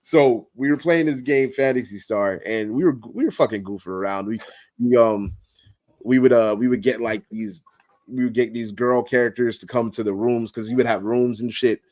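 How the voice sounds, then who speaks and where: A man guest streamer talking casually in an interview, relaxed and slangy with many fillers. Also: mid-range voice, moderate pace, dry recording.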